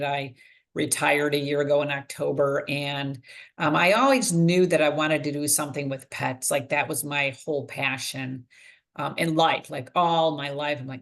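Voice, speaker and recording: A woman's voice: deep voice, fairly even intonation, moderate pace. An older woman, a retired pharmacist, speaking casually on a panel about her own path and often acting out her past thoughts in quotes. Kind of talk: casual testimonial on a video call.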